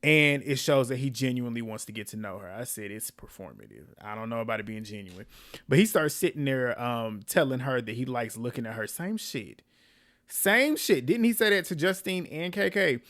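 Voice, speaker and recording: A man's voice: mid-range voice, animated, brisk, a bit bright. A man giving a casual recap of a reality show episode, opinionated and sarcastic, with frequent laughing asides. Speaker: recap host.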